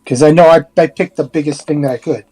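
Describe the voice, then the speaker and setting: Higher-voiced man playing a tabletop game. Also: quick pace, warm tone. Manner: chatty, laughs easily. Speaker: player. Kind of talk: casual tabletop game chat.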